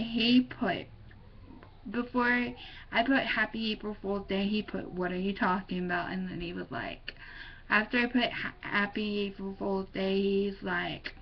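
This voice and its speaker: A woman's voice: mid-range voice, steady tone, a little slow. Teen girl vlogger, rambling and distracted, recorded on a muffled built-in mic. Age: teens. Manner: scattered, distracted, giggly. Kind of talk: casual rambling vlog. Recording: dull lo-fi webcam audio with faint noise.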